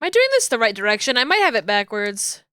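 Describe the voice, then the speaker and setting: A woman's voice: a little high, big pitch swings, quick pace, pushed and bright, clean tone, dry recording, clean studio sound. A woman streamer chatting casually while she works, thinking aloud and correcting herself as she goes. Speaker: streamer rigging a 3D model. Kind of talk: casual chat while working.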